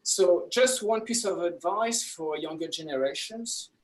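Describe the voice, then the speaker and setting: A man from France with a French accent doing a self-deprecating, halting stand-up set over a video call. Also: high voice, rough recording. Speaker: comedy workshop student. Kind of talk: stand-up comedy.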